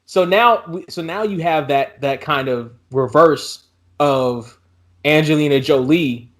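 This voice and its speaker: A man co-hosting a podcast, telling profane jokes in animated, casual chat. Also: a little high, unhurried. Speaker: podcast co-host.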